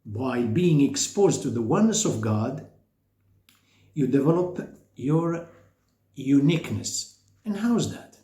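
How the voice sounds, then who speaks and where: A man's voice: a little slow, long pauses. A man giving an informal spiritual lecture, emphatic and full of rhetorical questions. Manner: animated, emphatic, with sudden pitch jumps and rhetorical questions. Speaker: speaker on faith and psychology. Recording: echoey room.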